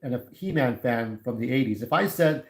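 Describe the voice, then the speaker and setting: Here a forties-aged YouTube livestreamer talks straight to his audience in a relaxed, outspoken way, offering frank opinions. His medium-pitched voice is expressive and moves at a normal speed. The sound is rough.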